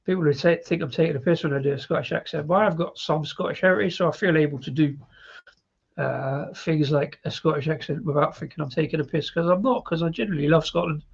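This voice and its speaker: A man's voice: on the high side, fast talker, gravelly, husky, muffled recording. A British man hosting a live beer review, chatty and rambling with frequent laughs. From Britain.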